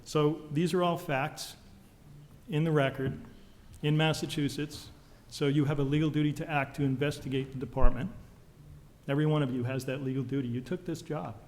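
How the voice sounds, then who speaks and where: A man's voice: fairly high pitch, fairly even intonation, darkish tone. Angry man testifying in a reverberant hall. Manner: intense, accusatory, rapid technical jargon. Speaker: witness testifying at a legislative hearing. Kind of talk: public testimony. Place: legislative hearing room.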